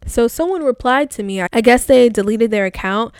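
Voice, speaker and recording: A woman's voice: on the high side, lively intonation, normal speed, clear, resonant tone, no echo, clean studio sound. A young woman vlogger chatting casually, reading her old posts aloud in a rambling, filler-heavy way.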